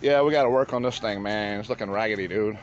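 Loud profane man filming his yard. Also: lowish voice, fast talker. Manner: loud, swearing, slangy, boastful. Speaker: vlogger showing storm damage at home. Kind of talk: casual profane vlog. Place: outdoors at a house yard and street. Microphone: handheld phone camera. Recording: lo-fi phone audio with outdoor noise.

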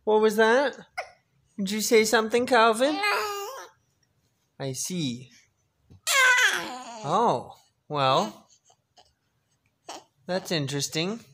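A father in a casual home video, gently coaxing his baby to talk with sing-song questions. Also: high-pitched, very slow, pauses often.

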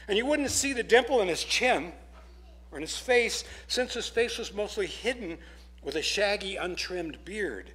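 A man pastor reads a story aloud in church with a slightly high, very animated voice. He breaks off now and then for relaxed asides to the congregation. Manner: expressive read-aloud with casual asides. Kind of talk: storytelling sermon.

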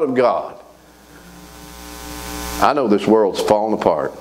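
A man preaching a sermon in a church, folksy and animated, asking the congregation to answer back. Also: fairly low pitch, a little slow, pauses often, rough recording. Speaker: pastor. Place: church sanctuary.

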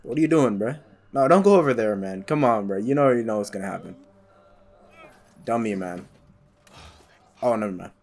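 A young man casually commenting while playing a game, excitable and swearing, yelling at sudden scares. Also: lowish voice, moderate pace, long pauses. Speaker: gaming YouTuber.

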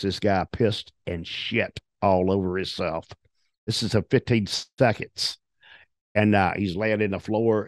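A man's voice: on the low side, a little mellow, no room sound, clean studio sound. An older man, a retired wrestler telling profane stories as an interview guest, acting out the quotes. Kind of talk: storytelling in a shoot interview.

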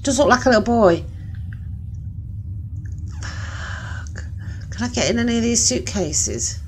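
A woman's voice: a little high, animated, brisk, a little mellow, slight background noise. A woman hosting a horror game playthrough, talking to herself in jumpy let's-play commentary, often screaming, swearing and laughing nervously. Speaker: channel host playing a horror game.

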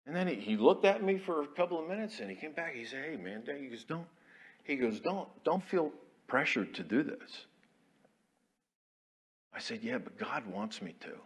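A man, an Army chaplain preaching a folksy, storytelling sermon in a church, dropping to quiet asides and rising to loud declarations. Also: mid-range voice, big pitch swings, moderate pace. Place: church sanctuary.

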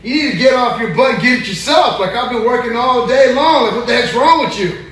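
A man's voice: very high-pitched, fairly quick, fairly bright tone. A man doing a bossy, nagging wife voice. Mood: scolding. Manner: scolding, sassy. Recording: echoey room, mic far off, noisy.

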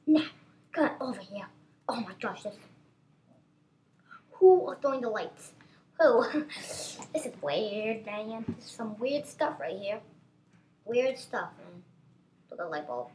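A woman giving excitable, chatty gameplay commentary as a gaming channel host, constantly exclaiming at what happens on screen. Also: mid-range voice, measured pace, long pauses, a little hiss or hum.

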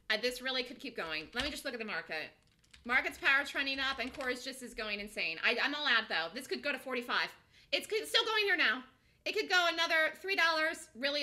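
Excited lady calling her trades live, super bright voice, swoops up and down a lot. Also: sits high. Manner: excitable, gasping and squealing as trades move; rapid, repetitive play-by-play. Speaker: day-trading show host. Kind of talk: live trading commentary.

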